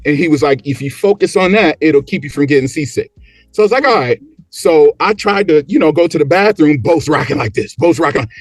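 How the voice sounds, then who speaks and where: A man telling a story as a podcast guest, animated and acting out the quotes and motions as he goes. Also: fairly high pitch, a little fast, no room sound, faint music behind. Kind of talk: casual storytelling.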